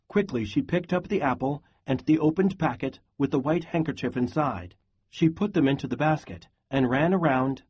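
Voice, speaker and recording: A man reading a novel aloud in a steady, even voice for a class lesson. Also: medium pitch, breathy edge. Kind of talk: read-aloud lesson narration.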